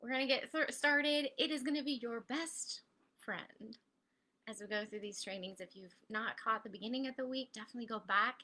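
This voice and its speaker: A woman's voice: fairly high pitch, brisk, sharp tone. A woman hosting a live online training, chatty and upbeat, talking straight to her viewers. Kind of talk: live-stream coaching talk.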